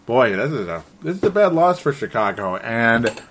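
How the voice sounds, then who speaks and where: A man's voice: medium pitch, very animated, normal speed, a bit bright. A man hosting a solo sports talk show, sounding frustrated and rambling, often stumbling and correcting himself. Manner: restarts and self-corrections. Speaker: sports podcast host.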